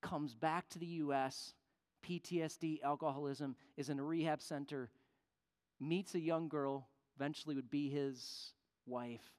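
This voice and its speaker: Animated preacher man in a reverberant hall. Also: fairly high pitch, a little slow, clean tone. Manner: animated storytelling, acting out voices in the story. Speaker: pastor. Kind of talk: sermon storytelling.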